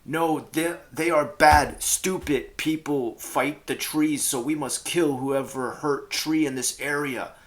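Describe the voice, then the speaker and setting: A man voicing a bossy, inarticulate player-captain who shouts clumsy orders at the group. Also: on the high side, slow pace, few pauses, pitched above the performer's own voice. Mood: ranting.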